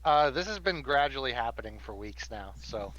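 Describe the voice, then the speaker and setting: A man running a tabletop game, relaxed and matter-of-fact, on a slightly dull mic. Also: medium pitch, moderate pace. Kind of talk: casual tabletop game chat.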